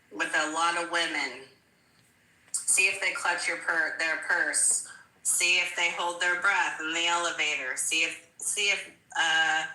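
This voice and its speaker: A woman's voice: fairly low pitch, sharp tone, echoey room, rough recording. A woman guest in a casual political chat, talking emphatically with laughs and repeated "listen"s. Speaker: guest commentator.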